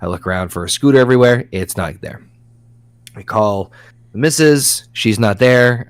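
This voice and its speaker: A man's voice: lowish voice, brisk. Rambling, foul-mouthed man telling stories. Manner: profane, rambling, self-interrupting. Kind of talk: casual storytelling chat.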